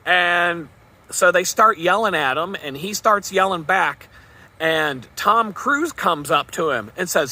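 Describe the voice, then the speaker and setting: A man vlogging in a loose, rambling storytelling monologue, chuckling now and then at his own tale. His voice sits a bit high with a sharp, forceful brightness. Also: normal speed.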